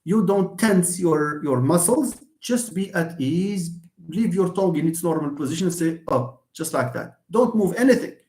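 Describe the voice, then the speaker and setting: A middle-aged man with a Moroccan accent gives a live English pronunciation lesson. His voice sits a little high for a man, and he repeats words over and over as he models each sound. The room around him rings with echo. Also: animated, moderate pace, darkish tone. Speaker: English teacher. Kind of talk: live online lesson with questions.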